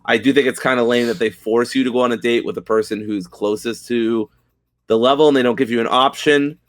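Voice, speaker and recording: A man's voice: mid-range voice, fairly even intonation, a little fast. A young man co-hosting a casual gaming podcast, talking with loose, enthusiastic energy and casual swearing. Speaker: podcast co-host.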